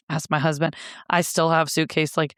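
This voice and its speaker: Woman, podcast guest, candid storytelling, profane, wry, smooth clear voice, dry close sound. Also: sits low, level tone, moderate pace, a bit bright, dry recording. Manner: blunt, profane, with wry laughter.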